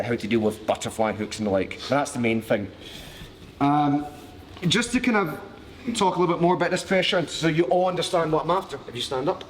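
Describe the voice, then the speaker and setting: A man's voice: a little high, big-room sound, slight background noise. A man from Glasgow with a broad Glaswegian Scottish accent, teaching a live martial arts class in a jokey, cheeky way and swearing freely. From Glasgow, Scotland. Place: training mat with a class around him.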